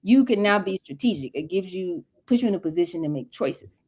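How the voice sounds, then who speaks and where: A woman's voice: fairly low pitch, animated, fairly quick, darkish tone, slightly rough. A woman speaking as a guest mentor on a livestream interview, talking in an emphatic, preachy, colloquial way over a video call.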